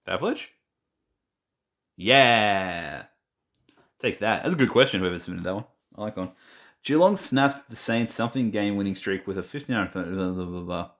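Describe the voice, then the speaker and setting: A man's voice: lowish voice, lively intonation, moderate pace, pauses often, fairly bright tone. A young Australian man chatting casually while reading quiz questions aloud, muttering and mocking himself. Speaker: gaming vlogger. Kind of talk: casual screen-recorded commentary.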